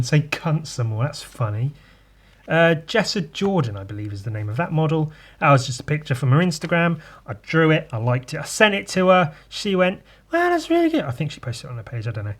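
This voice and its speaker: Crude joking male podcast host. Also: mid-range voice. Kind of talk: casual chat.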